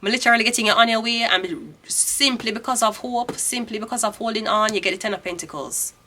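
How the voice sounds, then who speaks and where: Blunt, bright-voiced Jamaican woman. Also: a little high, brisk, slight background noise. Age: 30s. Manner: blunt, profane, ranting. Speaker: tarot reader. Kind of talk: casual tarot reading.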